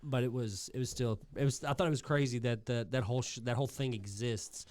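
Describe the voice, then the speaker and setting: A man's voice: medium pitch, steady tone, a little fast, darkish tone, no echo. A man co-hosting a podcast, talking casually and rambling, with restarts and offhand swearing. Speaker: podcast co-host. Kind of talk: casual chat.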